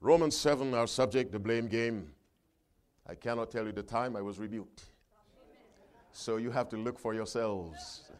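A man preaching a sermon, reading scripture aloud with his congregation and calling for responses, loud and emphatic on the verses and quieter between them. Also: fairly low pitch, normal speed, pauses often.

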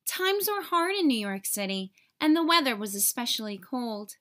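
A woman teacher reads a children's story aloud, using an expressive storytelling style. Her voice is fairly high in pitch and moves at a normal speed.

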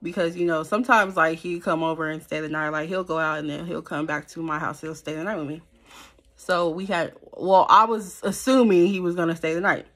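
A young woman telling a personal story to camera in a casual, slangy, animated way. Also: low-pitched, brisk. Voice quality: animated, slangy and conversational, with many fillers. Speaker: storytime vlogger.

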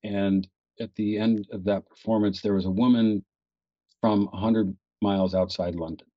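Middle-aged guy from LA telling a story on a podcast, lively and a bit sweary, dry dull-sounding mic. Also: on the low side, moderate pace, no room sound. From Los Angeles. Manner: animated, swears freely, acts out his inner dialogue. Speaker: guest actor. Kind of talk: casual storytelling in a podcast interview. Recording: dull lo-fi recording.

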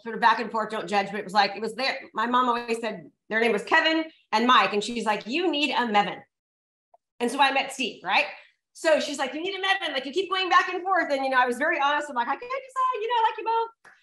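A high-pitched woman coaching real estate agents at a seminar, all energy and emphasis. She hammers her key points home by repeating them and calling out to the crowd. Her voice rings through an echoey room. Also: bright, forceful tone. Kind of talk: motivational seminar talk.

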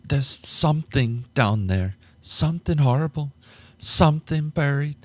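A man voicing a frightened young woman in an audiobook, pitched far up and pleading in a trembling voice. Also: a little slow, breathy edge, dry recording.

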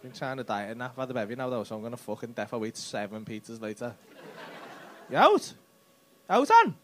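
A man's voice: medium pitch, big pitch swings, brisk, a little hiss or hum. A man doing stand-up crowd work, cheeky and teasing, swearing freely as he chats with people in the audience on a club stage. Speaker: stand-up comedian. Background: faint audience laughter.

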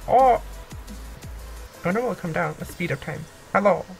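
A young woman giving excitable let's-play commentary, gasping and pleading with the game as she plays. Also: on the low side, rapid-fire, creaky, soft background music, rough recording. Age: young adult. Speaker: gaming YouTuber.

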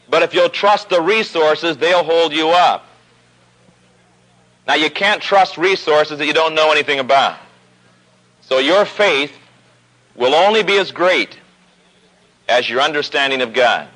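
Male preacher, slightly high and bright, storytelling sermon delivery, old radio broadcast recording. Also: unhurried, long pauses, poor audio. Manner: storytelling, rising pitch as the story builds.

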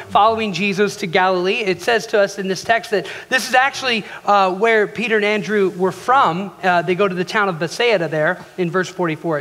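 Male pastor, high voice, animated storytelling sermon; echoey sanctuary. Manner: animated storyteller acting out quoted lines. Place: church sanctuary. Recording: echoey hall reverb.

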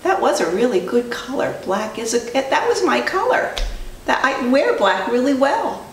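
A woman's voice: sits high, sing-song, moderate pace. A woman voicing a small, sassy, plump male cat, speaking in a cheerful, sing-song way. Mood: wistful. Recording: roomy distant recording, faint noise.

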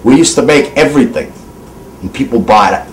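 A man's voice: medium pitch, animated, fairly quick, echoey room, poor audio. Furious swearing man ranting. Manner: angry, shouting bursts, constant swearing. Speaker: actor ranting on camera. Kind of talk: profane political rant.

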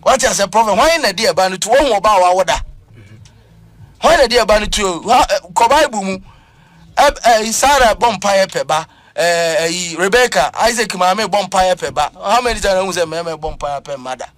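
On a church talk show, a Ghanaian preacher discusses things animatedly and emphatically, switching between Twi and English. His voice is high, lively and a bit fast, recorded close and dry with no echo or room sound.

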